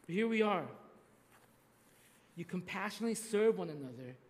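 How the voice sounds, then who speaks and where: High-voiced man preaching in an echoing hall. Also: expressive, normal speed. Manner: conversational, repeats "right?", restarts often. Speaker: pastor. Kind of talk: sermon storytelling.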